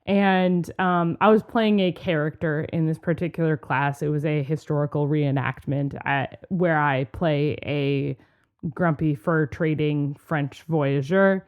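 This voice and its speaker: A woman co-hosting a podcast, telling a teaching story in animated casual chat and laughing often. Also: sits low, unhurried. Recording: dull lo-fi podcast audio.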